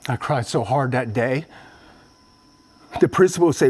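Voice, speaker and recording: A man's voice: medium pitch, moderate pace, pauses often, darkish tone, breathy edge. A man from Vietnam giving a public talk, telling a personal story earnestly and addressing the audience directly. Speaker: motivational speaker. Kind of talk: public speech.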